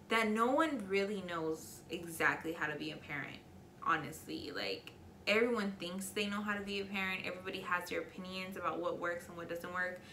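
A young woman talks openly and emotionally in a casual vlog, her voice bright and forward. She rambles with plenty of fillers. The room around her sounds echoey. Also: fairly low pitch, slight background noise. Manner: candid, emotional, chatty with many fillers. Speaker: beauty vlogger.

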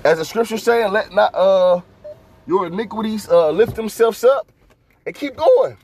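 A man with a high-pitched voice preaches casually from inside his car. He exhorts his listeners, stumbles through "uh" and "man" fillers, and slows down when he reads scripture aloud. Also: expressive, darkish tone. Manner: reads scripture aloud in slow, measured phrases. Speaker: religious vlogger preaching to his brothers. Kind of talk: casual preaching while driving.

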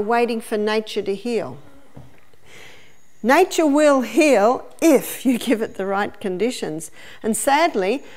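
A woman's voice: on the high side, darkish tone. A middle-aged woman, a health educator, giving a teaching seminar with a demonstration. She tells stories and explains each step. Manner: story-telling, explaining step by step.

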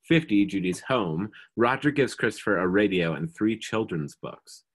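A reader calmly reading stage directions aloud in a live script reading. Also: sits low, moderate pace, slightly rough.

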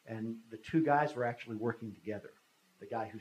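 A man in his fifties tells a story to an audience at a middle pitch. He talks in a loose, conversational way and acts out the lines of the people in the story. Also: brisk, darkish tone, echoey room, poor audio. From United States. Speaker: guest speaker. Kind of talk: storytelling talk.

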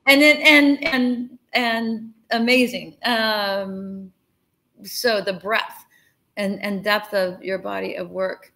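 A woman's voice: medium pitch, fairly even intonation, takes it slowly, a bit bright. A woman from the United States hosting a live interview over a video call, chatty and enthusiastic. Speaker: host.

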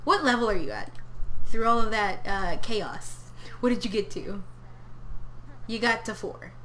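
Her voice medium-pitched, a bit bright, and a little slow, a young woman chats to her life-sim character and her stream viewers from her home office. She occasionally wanders across the room away from her desk mic, and there's a faint hiss or hum.

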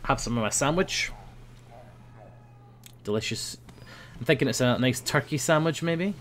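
Young guy gaming commentary, goofy, yelps high when stuff happens, bright voice. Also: moderate pace. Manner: playful, bursts into high-pitched yells when excited. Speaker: gaming video host. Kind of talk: casual gameplay commentary.

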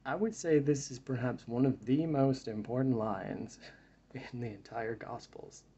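A man's voice: medium pitch, measured pace, mellow, husky, lo-fi sound. A man giving a reflective Bible study talk, reading verses aloud and then musing on them in a thoughtful way. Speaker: Bible teacher.

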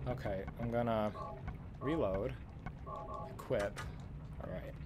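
A gaming channel host doing let's play commentary, swearing and yelling at the game character, with game music behind. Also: medium pitch, slow, noisy background.

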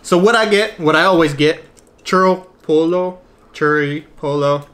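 A man's voice: a little high, moderate pace, fairly bright tone. A man co-hosting an eating show, chatting casually and teasing as he eats. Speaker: mukbang co-host. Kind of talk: casual chat while eating.

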